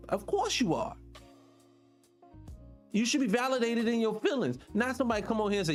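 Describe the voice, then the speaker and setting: A man's voice: very animated, brisk, faint music behind. A man hosting a morning talk show, giving blunt, profane commentary on clips he plays. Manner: emphatic, blunt, profane, swings up in pitch when making a point. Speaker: host. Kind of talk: casual commentary reacting to clips.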